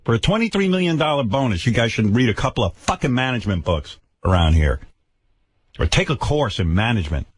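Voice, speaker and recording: A man's voice: mid-range voice, big pitch swings, fairly quick, breathy edge. An older man hosting a radio show, ranting with profane sarcasm and stammered repeats. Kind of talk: angry on-air rant. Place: radio studio.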